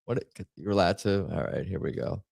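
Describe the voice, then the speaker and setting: A man's voice: low voice, moderate pace, vocal fry, a little mellow, no echo, studio quality. A man hosting a live stream, rambling and joking to himself while he plays a party word game. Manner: rambling, jokey, self-mocking commentary. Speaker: stream host playing party games. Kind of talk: casual game-stream chatter.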